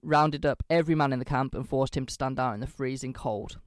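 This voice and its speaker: A man's voice: mid-range voice, fairly even intonation, quick pace, no room sound, studio quality. A man co-hosting a podcast, recounting history in casual chat and swearing freely. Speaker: podcast co-host.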